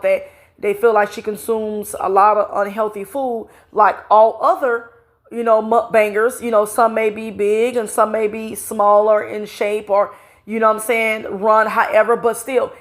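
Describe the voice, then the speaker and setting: Congested woman, chatty indignant commentary. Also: a little high. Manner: chatty, indignant, drawn-out fillers. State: congested nose, heavy breathing. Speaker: commentary vlogger. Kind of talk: casual commentary.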